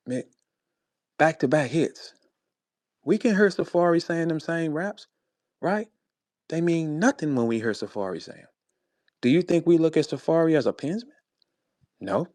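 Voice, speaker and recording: On a live audio space, a St. Louis-accented battle rapper delivers a heated, profane monologue aimed at a rival. He peppers his speech with "bro" and "man," shifting from low muttering to loud, high-pitched outbursts. The audio has no echo.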